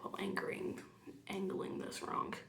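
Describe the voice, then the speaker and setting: A young woman chatting casually through a makeup tutorial, rambling into side stories and muttering quietly while she works. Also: slow pace, in a whisper. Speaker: makeup vlogger.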